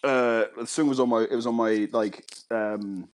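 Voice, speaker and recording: A man's voice: mid-range voice, steady tone, normal speed, smooth. A man telling a childhood story on a podcast, rambling and swearing, laughing often. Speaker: podcast co-host. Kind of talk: casual comedic storytelling.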